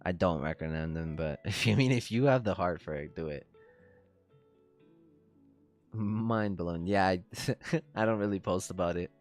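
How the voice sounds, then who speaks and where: A man's voice: deep voice, moderate pace, long pauses, soft background music. A man in his thirties hosting a trading livestream, telling stories in a laid-back, profane way and laughing often. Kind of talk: casual livestream chat.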